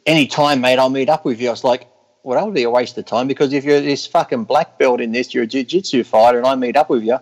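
A middle-aged man with an English accent, a bodybuilder guest on a podcast, talking in a dry, deadpan and sarcastic way and swearing freely. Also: mid-range voice, quick pace, husky, low-quality recording. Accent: English, long time in Australia. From England. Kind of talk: casual podcast interview.

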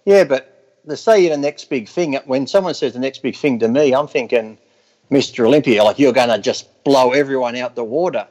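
A middle-aged man with an English accent, a bodybuilder guest on a podcast, talking in a dry, deadpan and sarcastic way and swearing freely. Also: mid-range voice, a little fast, low-quality recording. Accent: English, long time in Australia. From England. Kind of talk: casual podcast interview.

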